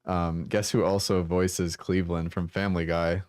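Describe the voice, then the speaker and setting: A man chiming in on a podcast, low-key and hesitant. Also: flat delivery, moderate pace, a little mellow, clear, resonant tone, no room sound, clean studio sound.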